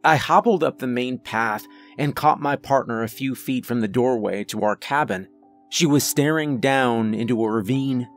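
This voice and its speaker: A man narrating a first-person horror story in a measured, grave, deliberate manner. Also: medium pitch. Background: faint music.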